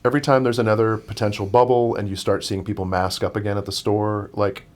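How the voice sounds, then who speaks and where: A man's voice: lowish voice, flat delivery, fast, a little mellow. A man, a podcast guest, telling a long story in casual chat, with many restarts and fillers.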